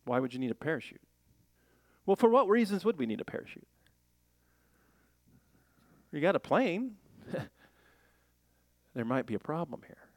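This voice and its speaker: Animated, joking male preacher. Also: on the high side, normal speed, long pauses, no room sound. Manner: animated, jokey preaching with playful voices and laughs. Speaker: pastor. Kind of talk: sermon.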